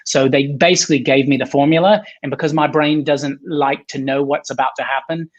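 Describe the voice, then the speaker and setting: A man's voice: on the high side, fairly even intonation, brisk, highs cut off. A man in his forties, a guest on a video-call chat, talking in a rambling, self-deprecating way with many restarts.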